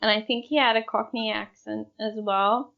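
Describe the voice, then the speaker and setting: A woman co-hosting a true-crime podcast, with English as her second language, telling a case slowly and giggly, with hesitant asides. Her voice is a bit high and gravelly, and the recording sounds dull and lo-fi. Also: fairly even intonation. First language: not English. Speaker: podcast co-host.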